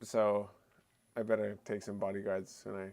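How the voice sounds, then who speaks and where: A man hosting a casual livestream chat, joking and animated, often slipping into playful accent impressions. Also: fairly low pitch, normal speed, vocal fry. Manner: animated, jokey, mimics accents. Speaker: livestream host.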